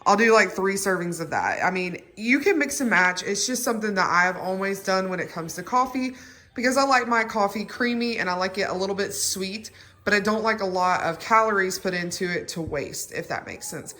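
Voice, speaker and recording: A woman's voice: mid-range voice, expressive, a little fast. A young woman, chatting and rambling casually to her phone camera at home as a mother and vlogger. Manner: chatty, rambling, warm toward viewers. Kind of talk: casual vlog chat to camera. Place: at home indoors. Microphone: handheld phone camera.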